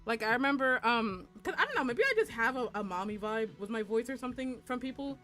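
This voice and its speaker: Over soft background music, a young adult woman draws live and chats crudely with viewers as a VTuber streamer. She talks fast in an expressive, fairly high voice with a sharp tone, laughing and squealing often.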